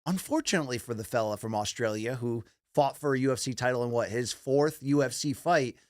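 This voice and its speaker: A man's voice: mid-range voice, brisk, no echo. Male studio host, joking and wry, dry close sound. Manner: joking, teasing, runs the rundown. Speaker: podcast co-host. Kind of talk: casual sports talk.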